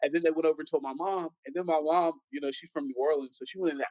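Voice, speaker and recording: A young man tells his stories in a loose panel conversation, slipping into the voices of the people he quotes. His voice sits a little high. The sound is close and dry. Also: very fast, no echo, poor audio. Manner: animated storyteller, acts out quoted voices. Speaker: pastor's son guest. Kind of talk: casual panel chat.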